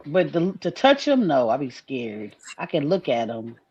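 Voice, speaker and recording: A woman chatting in a relaxed, expressive way over a muffled, lo-fi microphone. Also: deep voice, normal speed, slightly rough. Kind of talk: casual group chat. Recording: muffled lo-fi mic.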